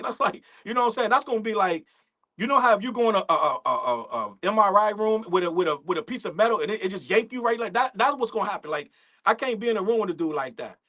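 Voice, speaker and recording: A man's voice: sits high, expressive, quick pace, bright, forceful tone. A young man hosting a casual livestream, talking in loose slang, rambling, laughing often and reading out the chat. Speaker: livestream host.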